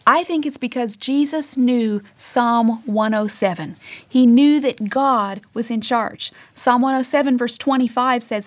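A woman leads a devotional Bible teaching in an earnest tone. Her voice sits a touch higher than most, and she reads passages aloud, sinking to a near whisper when she wants a point to land. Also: measured pace. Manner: earnest, reads scripture aloud, drops to a hush for emphasis.

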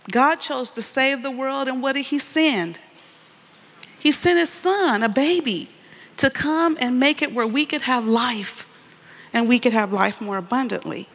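A woman's voice: a little high, a bit bright. A woman giving an earnest, preacherly testimony, calling out to her audience for responses. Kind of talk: sermon-style testimony. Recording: long hall reverb.

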